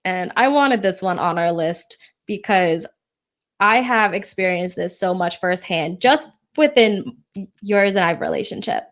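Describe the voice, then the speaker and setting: A young adult woman co-hosting a casual podcast, her voice sitting in an ordinary middle register. She talks candidly and encouragingly about her own experience, with a light teasing edge toward her partner. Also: mid-range voice. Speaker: podcast co-host.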